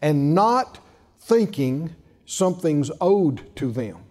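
A male preacher delivers a sermon in a high, lively voice that swoops up and down for emphasis. He takes his time pressing points slowly, urges the congregation to answer back, and breaks in with chuckling asides.

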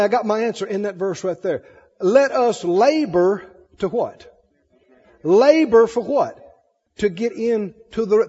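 A man preaching a sermon, animated, swinging between loud emphasis and soft asides. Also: high voice, slightly rough, long reverb tail, lo-fi sound.

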